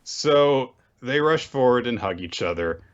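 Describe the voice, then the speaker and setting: A man's voice: mid-range voice, lively intonation, a little slow. A man casually recapping manga chapters as a podcast co-host, with dry joking asides. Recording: dull lo-fi audio.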